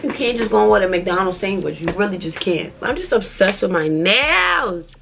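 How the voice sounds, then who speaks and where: A woman's voice: medium pitch, animated, moderate pace, vocal fry, a bit bright. A woman in her twenties chatting casually to her viewers in a bubbly, slangy vlog style. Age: 20s. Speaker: vlogger. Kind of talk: casual vlog chat to camera.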